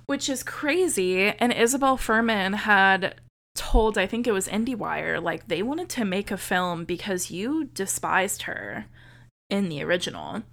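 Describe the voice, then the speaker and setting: Woman podcast host, casual horror recap, chatty and profane, animated storyteller. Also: medium pitch, unhurried, gravelly.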